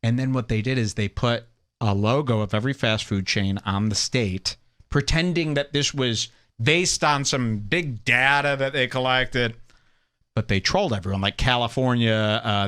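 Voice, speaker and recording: Sarcastic man ranting with a lively, bright voice. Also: moderate pace. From Illinois. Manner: mocking, sarcastic, jumps into high mock voices. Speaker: podcast host. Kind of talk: ranting commentary over clips.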